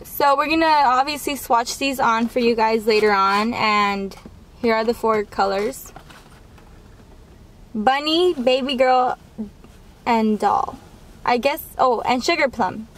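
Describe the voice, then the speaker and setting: A woman's voice: on the high side, slow, pauses often, fairly bright tone, rough recording. A young woman vlogging with her twin sister, eager and chatty in casual talk. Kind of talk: casual chat.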